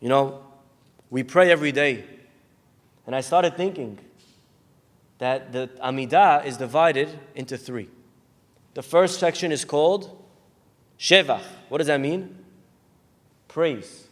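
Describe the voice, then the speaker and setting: A man, a rabbi, giving a sermon full of storytelling, acting out the people in his stories and raising his voice in bursts. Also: a little high. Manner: animated storyteller acting out characters, shouting in bursts. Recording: long hall reverb.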